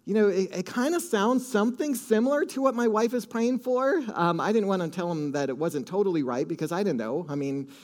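A man from Minnesota with a light Minnesota accent, preaching and telling a story with lively acted-out quotes. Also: high-pitched. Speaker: pastor. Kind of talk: sermon storytelling.

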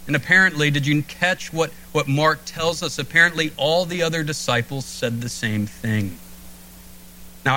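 A man preaching a sermon as pastor, earnest, slowing and dropping low on key phrases. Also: pushed and bright, a little hiss or hum, poor audio.

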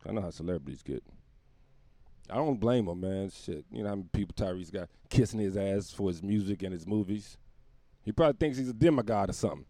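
Rambling, profane man with a lively voice. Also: sits low, fast, no echo. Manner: rambling, profane, laughs at his own jokes. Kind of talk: comedic monologue.

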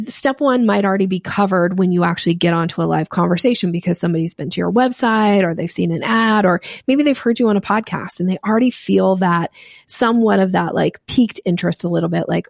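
Animated woman sales coach, gravelly edge. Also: on the low side, fairly quick, dry recording, clean studio sound. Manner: animated, acts out quoted voices. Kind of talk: podcast interview answers.

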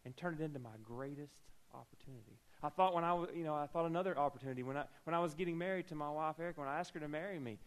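A man's voice: on the high side, racing, few pauses, poor audio. A man preaching a sermon, telling a personal story with humorous asides and acting out the dialogue.

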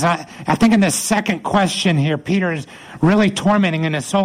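A man's voice: a little high, brisk, low-quality recording. A man preaching a sermon in a conversational way, acting out the lines of the people in the story. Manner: conversational, acts out voices of biblical figures. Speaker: pastor.

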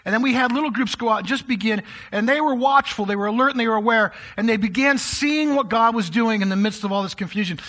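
Man, pastor, sermon, high-pitched voice, conversational, talks straight to the congregation. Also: fast talker, hardly any pauses, fairly bright tone. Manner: conversational, addresses the congregation directly.

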